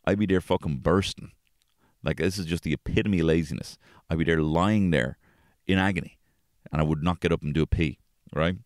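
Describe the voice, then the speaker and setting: A man hosting a podcast, telling casual stories about his family, swearing freely and jumping into high-pitched voices when quoting people. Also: fairly quick, no echo, clean studio sound. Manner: swears freely, animated, acts out quotes in a high voice. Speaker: podcast host. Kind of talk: casual storytelling chat.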